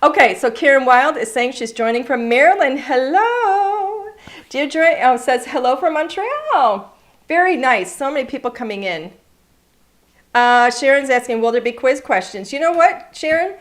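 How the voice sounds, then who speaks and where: A woman's voice: high voice, expressive, normal speed. A woman hosting a live card-making class, chatty and upbeat, greeting viewers by name as she demonstrates. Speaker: craft class host. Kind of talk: live-streamed craft demonstration. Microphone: overhead camera setup.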